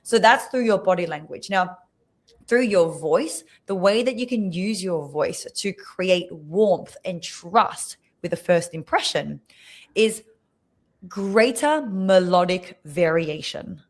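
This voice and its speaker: Woman coach on a video call podcast, lively teaching tone, acts out examples. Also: on the low side, takes it slowly. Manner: expressive, demonstrates voices while teaching. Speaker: speaking coach guest. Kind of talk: podcast interview explaining.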